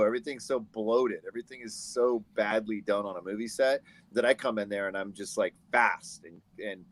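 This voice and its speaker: A man from the United States, a guest photographer, telling animated stories in a casual interview over a video call. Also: fairly low pitch. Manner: animated storyteller, acts out quoted people.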